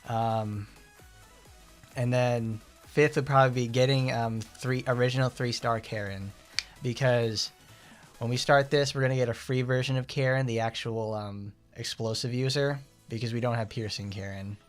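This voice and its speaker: A man giving casual gameplay commentary as a streamer, rambling, excitable and often correcting himself. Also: medium pitch, moderate pace, soft background music. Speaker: gaming streamer.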